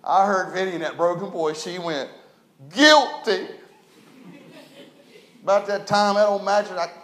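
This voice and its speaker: A man preaching a folksy storytelling sermon, animated and building to emphatic preaching. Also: high voice, a little fast. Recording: echoey room.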